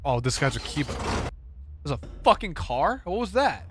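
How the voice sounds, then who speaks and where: Over some background noise, a man streams a game and keeps up casual gaming commentary, sarcastic and full of laughs and swearing, aimed at himself and his viewers. His voice is a little high, with big pitch swings and a moderate pace.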